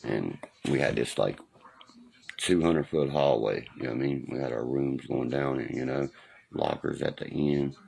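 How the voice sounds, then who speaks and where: A middle-aged man rambles through a casual livestream chat on his phone, swearing freely and checking in with "you know what I mean" after nearly every thought. His voice sits extremely low, rough with heavy fry and a husky edge. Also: normal speed, a little mellow, low-quality recording. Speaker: livestream host. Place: home livestream.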